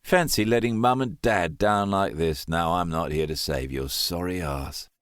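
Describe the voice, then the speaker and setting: A man's voice: sits low, moderate pace, no echo, clean studio sound, lightly acted. A man voicing a teasing, protective older brother, a young man, mocking yet fond.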